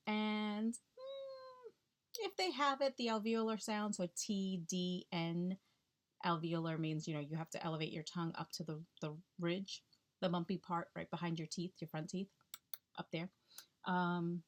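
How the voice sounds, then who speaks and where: A woman speech-language pathologist explaining techniques in a chatty, instructional way, checking in with the listener often. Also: fairly low pitch.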